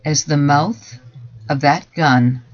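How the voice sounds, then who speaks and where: A man giving a dramatic first-person story reading in a measured, deliberate voice that drops to hushed softer passages. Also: a little high. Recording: dull lo-fi recording.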